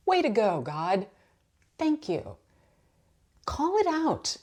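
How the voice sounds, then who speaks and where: A middle-aged woman, a manifestation coach, giving casual motivational talk to camera in a chatty, animated way, laughing as she tells stories. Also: mid-range voice, normal speed, long pauses.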